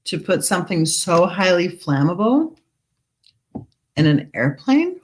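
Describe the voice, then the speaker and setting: This woman, a true crime channel host, speaks fairly low and a little slowly in a husky voice with big swings in pitch. On a casual livestream she eats while reading viewer comments aloud, sounding skeptical and questioning the story.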